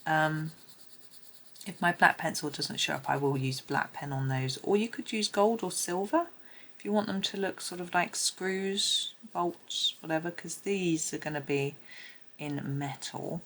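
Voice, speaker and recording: There's a faint hiss or hum as a woman with a fairly low voice talks at a measured pace through a colouring tutorial while she works. Her manner is chatty; she thinks aloud and sometimes lowers to a murmur.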